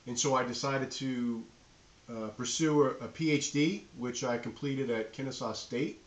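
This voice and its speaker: Middle-aged man, New England accent, upbeat instructor, roomy echoey recording. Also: medium pitch. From New Hampshire, US. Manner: enthusiastic, friendly, addresses students directly. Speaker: university management instructor. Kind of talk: recorded course introduction.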